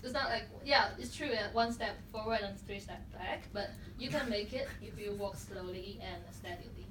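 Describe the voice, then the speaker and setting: A woman, the team captain, speaking casually to an audience with many fillers and pauses. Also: medium pitch. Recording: echoey room, far mic, noisy.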